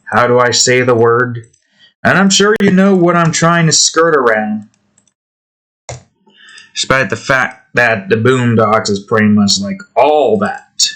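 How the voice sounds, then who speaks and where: Drawing on his own art channel, a man chats loosely, wandering between thoughts and trailing off. His medium-pitched voice is a bit bright and a little slow.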